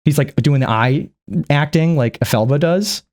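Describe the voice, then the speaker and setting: A man's voice: fairly high pitch, normal speed, a little mellow. A young man ranting casually and comically about a film, rambling, swearing and slipping into mock impressions. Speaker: youtuber reviewing a film. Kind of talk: casual comedic movie rant.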